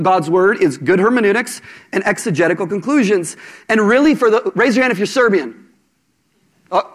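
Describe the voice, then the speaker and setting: A man preaching a sermon to a congregation, conversational and animated, with jokes and asides to the audience. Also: high voice.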